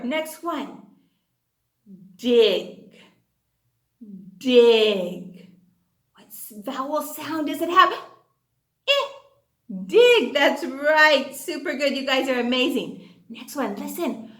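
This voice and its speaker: A woman's voice: high voice, unhurried, bright, forceful tone, reverberant. A woman teaching a phonics class to young children in a cheerful, exaggerated sing-song manner, gasping before she gives each answer.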